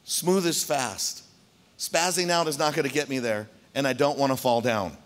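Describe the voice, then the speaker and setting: A man preaching a sermon to his congregation as pastor, telling a story in an animated way and speaking straight to the room. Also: medium pitch, fairly quick. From Arizona, United States. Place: church hall.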